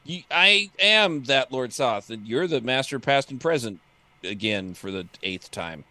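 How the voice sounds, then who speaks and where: Guy doing a bragging old undead knight, offhand and flat, pretty dry sound. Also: mid-range voice, unhurried, no room sound. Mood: boastful. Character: grim old male undead knight, boastful.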